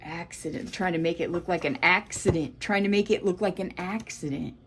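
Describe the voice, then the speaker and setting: A woman's voice: fairly low pitch, brisk, a little hiss or hum. A woman with a Southern US accent giving a solo tarot reading, talking bluntly, swearing freely and addressing her viewers as Collective. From United States. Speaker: tarot reader.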